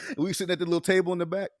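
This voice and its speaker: A man's voice: sits high, racing, no room sound, clean studio sound. A young man co-hosting a podcast, telling casual stories with a lot of laughter and acted-out dialogue. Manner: laughs often, animated storytelling with acted-out dialogue. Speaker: podcast co-host. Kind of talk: casual chat.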